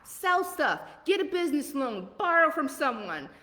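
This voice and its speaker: A woman with a Southern accent coaches a live group call with blunt, rapid-fire encouragement. Her voice carries a long reverb, like a hall. She keeps asking questions and answering them herself. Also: high-pitched, very animated, sharp tone. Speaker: leadership coach.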